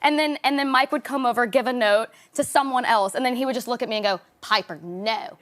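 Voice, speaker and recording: A woman's voice: sits high, fast. A woman in an interview casually telling a funny story from set, chatty and laughing. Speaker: actress in an interview. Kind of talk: casual anecdote.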